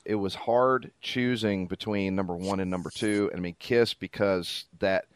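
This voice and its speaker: A man's voice: deep voice, fairly even intonation, moderate pace, clean tone, no echo, clean studio sound. A man co-hosting a casual podcast chat, easygoing, with chuckling asides. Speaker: podcast co-host.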